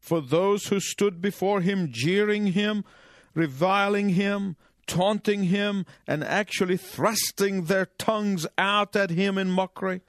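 High-voiced male preacher, dry close sound. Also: no echo. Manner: measured, emphatic, pausing for translation. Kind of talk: sermon with interpreter.

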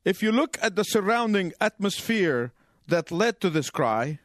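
A man preaching a sermon in measured, emphatic phrases, pausing for his interpreter. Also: high voice, very animated, no echo, clean studio sound.

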